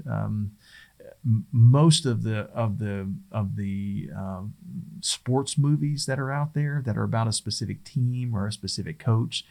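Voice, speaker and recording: A man's voice: fairly low pitch, darkish tone. A middle-aged man giving a casual instructional talk as a presentation skills trainer, rambling and conversational with frequent restarts.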